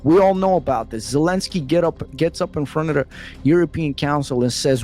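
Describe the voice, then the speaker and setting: A man's voice: fairly high pitch, fairly quick, darkish tone, faint music behind. A man hosting a reaction video in heated, slangy, rambling casual commentary. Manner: slangy, heated and rambling, full of "bro" and "freaking".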